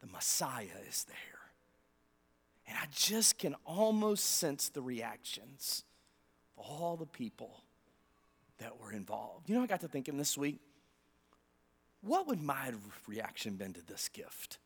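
A man preaching a sermon in church. He tells the story dramatically, swinging from loud emphasis to near-whispers, and talks to the congregation in a conversational way. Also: mid-range voice, sing-song, unhurried, husky. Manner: conversational, asks the congregation for responses. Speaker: pastor.

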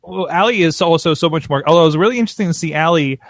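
Male co-host, higher voice, teasing and jokey, dry booth mic. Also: dry recording. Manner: playful, teasing, quick to laugh. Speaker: podcast co-host. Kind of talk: casual chat.

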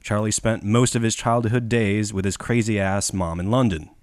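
Chicago guy, kinda low voice, dry close sound, reads off his notes and swears a lot. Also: fairly even intonation, moderate pace, dry recording. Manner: irreverent, crude, laughs often. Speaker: podcast host. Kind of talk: casual chat reading from notes.

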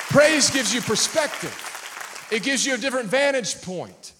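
High-voiced energetic man preaching. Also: normal speed, background noise. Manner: energetic preaching with crowd call-outs and humor. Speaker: pastor. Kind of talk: sermon.

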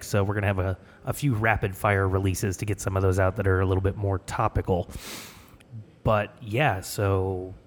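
A man's voice: on the low side, darkish tone. A young man hosting a podcast, talking casually in a joking, rambling way. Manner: chatty, joking, rambling asides. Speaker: podcast host. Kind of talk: casual solo intro monologue.

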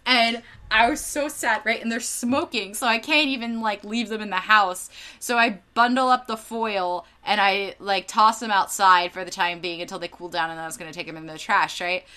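On a podcast she co-hosts, a young Northern California woman relates a humorous everyday story at a moderate pace and medium pitch. Expect dramatic, sweary asides and frequent laughter in this animated, casual chat.

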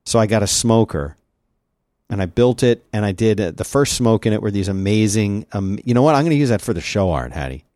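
A man hosts a casual podcast, rambling from thought to thought with plenty of restarts. His pitch swings widely as he talks, and the sound is dry and close, with no room around it. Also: brisk, dry recording. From lives in Central Texas. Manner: rambling and lively, with many restarts. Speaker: podcast host. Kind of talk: casual chat.

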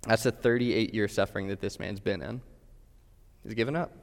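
A man's voice: on the low side, steady tone, moderate pace. A man preaching a sermon, earnest and direct, putting questions straight to his listeners. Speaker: pastor. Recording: long hall reverb.

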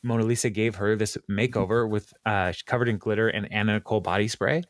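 A man hosting a podcast, retelling a TV episode in casual chat, with many ums and quick laughs. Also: on the low side, fairly even intonation, dry recording. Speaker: podcast host recapping a TV episode.

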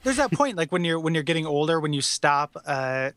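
A man's voice: a little high, big pitch swings, brisk, a bit bright, no room sound, clean studio sound. A man co-hosting a podcast in casual chat, rambling and hesitant. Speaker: podcast co-host.

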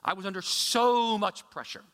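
A man's voice: high voice, normal speed, a bit bright, pitched above the performer's own voice. A man voicing a defensive ancient king who whines and makes excuses in an indignant voice. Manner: whiny, indignant, rising to exclaim. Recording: echoey large hall.

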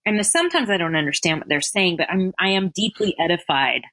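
Bright-voiced chatty woman guest. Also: on the low side, brisk, no echo. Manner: chatty, self-deprecating, animated asides. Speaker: interview guest. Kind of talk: casual conversational interview.

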